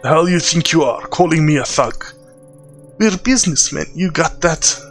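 A man's voice: on the high side, normal speed, soft background music, close to an everyday voice. A man doing a snarling hot-headed thug. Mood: angry.

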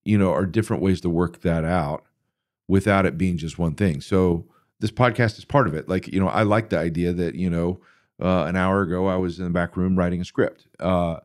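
A middle-aged man hosting a podcast, telling stories in a rambling, animated way with many fillers. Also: sits low, dry recording, studio quality. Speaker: podcast host answering listener questions. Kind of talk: casual interview talk.

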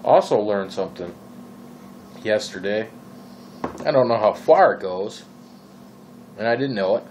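A vlogger from Minnesota, USA, speaks with a Minnesotan accent while ranting casually about vaping, using lots of fillers and exasperated questions. He's fairly low-pitched, animated and unhurried, leaving long pauses in a slightly mellow tone. The audio is poor, with slight background noise.

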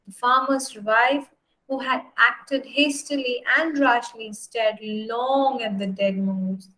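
Bright, unhurried woman teacher. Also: a little high, rough recording. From India. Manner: animated, asks "right?" again and again. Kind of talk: storytelling English lesson.

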